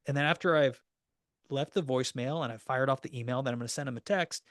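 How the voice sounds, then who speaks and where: A man coaching real estate agents through offer negotiation, practical and direct, sometimes acting out short phone scripts. His voice sits at an ordinary middle pitch. The recording is dry and close, with little room sound. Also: fast, no echo. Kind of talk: recorded training class.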